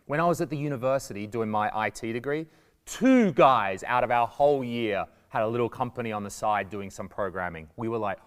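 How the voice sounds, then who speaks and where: An Australian man talks to a class like a stand-up comic, jokey and animated, slipping into quick put-on voices for his stories. His voice sits at an ordinary middle pitch. The sound carries a long reverb, as if in a hall. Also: smooth. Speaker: comedian giving a guest lesson. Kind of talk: lively stand-up style talk to students.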